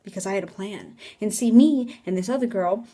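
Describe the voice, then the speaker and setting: Breathy young woman telling a storytime. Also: medium pitch, a little fast. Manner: animated, dramatic, drops into whispers for effect. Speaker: vlogger. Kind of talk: casual storytime. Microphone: phone.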